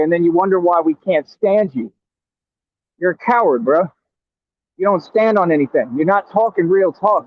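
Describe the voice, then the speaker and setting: Taunting high-voiced man on a scooter. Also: no echo. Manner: taunting, stammering repeats. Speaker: vlogger. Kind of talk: trash-talking vlog. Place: outdoors riding a scooter in traffic. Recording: tinny phone-like, dry.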